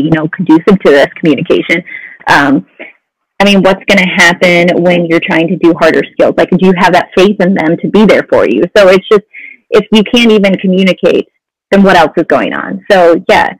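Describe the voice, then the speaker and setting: A woman's voice: fairly low pitch, dry recording, rough recording. Conversational woman counselor, dry sound. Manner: conversational, many "you know" fillers. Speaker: mental health counselor guest. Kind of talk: casual podcast interview.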